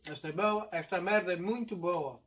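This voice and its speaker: A man's voice: sits high, fairly bright tone, slight background noise. A man from Madeira with a Portuguese accent, hosting a casual eating video, switching between Portuguese and English and often checking in with viewers. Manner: drawn-out "mm" sounds while eating. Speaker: mukbang host.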